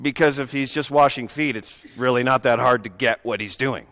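A man's voice: mid-range voice, fairly quick, fairly bright tone. A male pastor preaching a sermon in a conversational way, with joking asides to the congregation. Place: church sanctuary. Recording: long reverb of a church hall.

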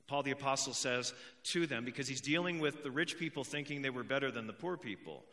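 A man's voice: medium pitch, fairly quick, sharp tone. A young adult man preaching a conversational sermon, emphatic and repeating key points, with joking asides to the congregation. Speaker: pastor.

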